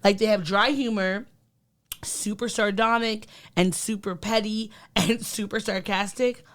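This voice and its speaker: A woman's voice: mid-range voice, fairly even intonation, measured pace. A woman co-hosting a podcast, talking in an earnest, reflective way with many ums and likes. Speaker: podcast co-host. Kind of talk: casual podcast chat.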